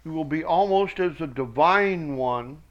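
A man teaching scripture verse by verse, reading each verse slowly with emphasis and adding quick asides. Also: on the high side, expressive, dull audio. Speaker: Bible teacher.

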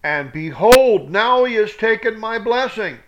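Man voicing a desperate grown son, pleading and emphatic, high voice, slow, dull lo-fi recording. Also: lively intonation, background noise.

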